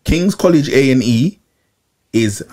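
A young man, telling a long personal story in casual chat, animated and repeating himself, full of slang. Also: mid-range voice, slow pace. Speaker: podcast regular.

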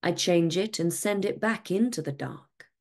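A kind, brave little Moon from a read-aloud storybook, played by a woman narrator. She speaks in a sweet, gentle voice, low and mellow, taking her time over each word. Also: measured pace. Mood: gentle firmness. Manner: sweet, gentle, soft-spoken.

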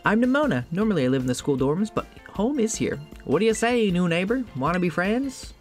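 A man's voice: high voice, sing-song, a little fast, faint music behind, voice pushed up. A man voicing an eager teenage girl rival who loves to battle, bubbly and pushy.

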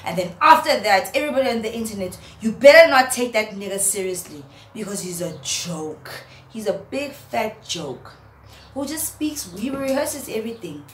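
A woman's voice: mid-range voice, normal speed. Young woman ranting and mocking someone on her vlog, voice jumps all over, echoey room. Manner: mocking, animated, laughs at her own jokes. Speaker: vlogger. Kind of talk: roasting rant to camera. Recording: roomy echo, faint background hum.

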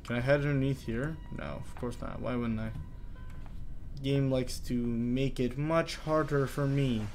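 A man doing horror game commentary, jittery, chattering to himself and quick to panic. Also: mid-range voice, fairly even intonation, darkish tone, a little hiss or hum. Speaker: gaming YouTuber.

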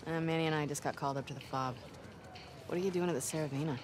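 A woman's voice: sits low, very fast, noisy background, close to an everyday voice. An actress voicing a tough, guarded young woman soldier in video game dialogue, talking in dry, curt replies.

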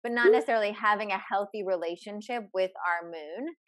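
A young woman hosting an interview, eager and quick, laughing easily with frequent fillers. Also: medium pitch, no echo. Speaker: podcast host. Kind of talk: casual interview chat.

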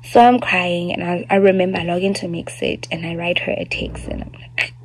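A woman's voice: fairly low pitch, brisk, breathy edge, poor audio. A South African woman in her twenties, speaking candidly as a vlogger telling a personal story, with lots of fillers and asides.

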